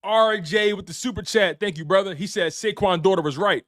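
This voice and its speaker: A sports show host runs an excited live-stream recap with super chats, his voice sitting high, a little fast and a bit bright. He's hyped, speaking straight to his chat and repeating phrases for emphasis.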